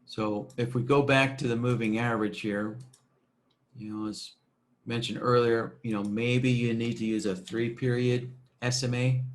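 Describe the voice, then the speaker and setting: A man presenting a screen-recorded software tutorial, talking casually with many fillers and checking "right?" as he goes. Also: mid-range voice, fairly even intonation, normal speed.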